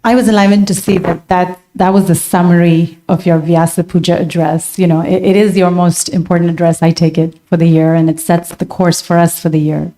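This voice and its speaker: A woman's voice: on the low side, level tone, brisk, hardly any pauses, warm tone. A woman in the audience asking a long, earnest question, rambling with many fillers.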